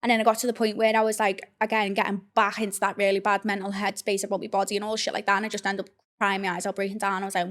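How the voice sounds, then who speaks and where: A woman's voice: medium pitch, little pitch movement, very fast, few pauses. A young woman, telling a personal story in a candid, blunt way with plenty of swearing and fillers. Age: young adult. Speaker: podcast host. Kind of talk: casual confessional storytelling.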